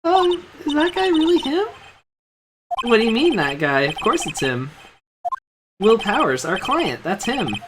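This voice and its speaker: A man's voice: very high-pitched, sing-song, measured pace, pauses often, noisy background, pitched above the performer's own voice, exaggerated voice. A man voicing a spirited, teasing young female sidekick in a fan dub of a video game. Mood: excited. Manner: pushy, teasing. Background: game music.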